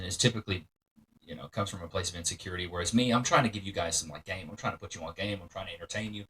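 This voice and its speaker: Male co-host, low and fast, mocking and crude, sounds set back from the mic. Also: fairly bright tone, distant mic. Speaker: co-host of a reaction show. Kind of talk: reaction commentary.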